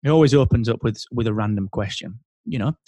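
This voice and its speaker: A man talking as a guest on an interview podcast, animated and thinking aloud with restarts. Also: medium pitch, quick pace, dry recording. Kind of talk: casual interview chat.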